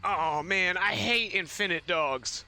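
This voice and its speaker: A man's voice: high voice, slow, pushed and bright. A man streaming a game, chatting casually and telling rambling, joking stories between play. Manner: joking, rambling storyteller who acts out quips. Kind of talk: casual gaming stream commentary.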